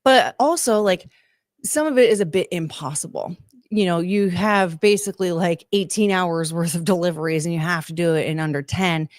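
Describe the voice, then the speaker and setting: A young adult woman hosts a podcast, ranting in casual commentary and reading the chat, chatty and exasperated with many fillers. Her voice is fairly low at normal speed, recorded as clean studio sound with no room sound.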